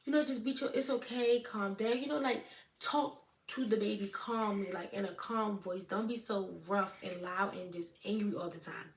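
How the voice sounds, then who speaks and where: A young woman in her late teens chatting casually to camera, answering viewer questions in a relaxed way, with lots of "you know what I'm saying.". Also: mid-range voice, normal speed. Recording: echoey room with faint noise.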